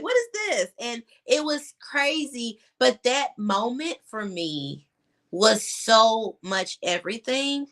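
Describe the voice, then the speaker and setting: Bright-voiced woman telling a personal story. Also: lowish voice. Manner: candid, filler-heavy, chokes up at times. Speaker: guest. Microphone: video call.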